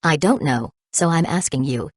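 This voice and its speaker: A vindictive young man speaks with a sweet surface and sarcastic edge, as a woman reader puts him on. His voice sits low and close, with a dry, unroomy sound. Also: expressive, moderate pace, husky, no room sound. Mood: gentle. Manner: mock-gentle, sarcastic. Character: smiling, vindictive young man who holds grudges.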